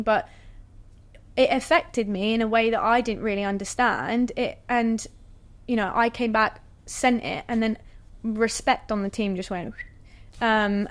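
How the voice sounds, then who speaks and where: Chatty woman telling a story. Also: on the high side. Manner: animated, chatty, frequent "like" and "you know". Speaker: guest athlete. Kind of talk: casual storytelling interview.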